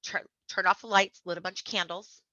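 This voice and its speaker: A woman with a bright, forceful voice pitched a little low tells her story as a podcast guest, animated and acting out the people in it. The sound is dull and lo-fi. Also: fairly quick, dry recording. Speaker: podcast guest, memoir author. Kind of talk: casual storytelling interview.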